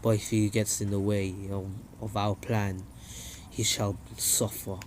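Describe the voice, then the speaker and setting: Young man doing a ninja leader, low, slow, grave, cold, solemn, fan story. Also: flat delivery, a little hiss or hum, close to an everyday voice.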